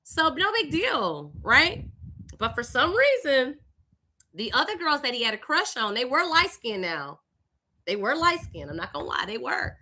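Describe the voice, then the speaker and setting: A young woman from Louisiana with a Southern accent, hosting a live stream and telling a personal story in an animated, conversational way. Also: high-pitched, unhurried. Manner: animated, conversational, with lively voiced greetings. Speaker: host.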